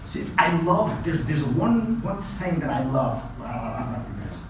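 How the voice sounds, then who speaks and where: Animated high-voiced man in an echoey hall. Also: measured pace. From Uzbekistan. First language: Uzbek. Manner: animated, repeats himself, keeps asking "right?". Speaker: guest presenter at a language academy. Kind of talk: motivational talk to students. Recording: heavy echo, far from mic, faint noise.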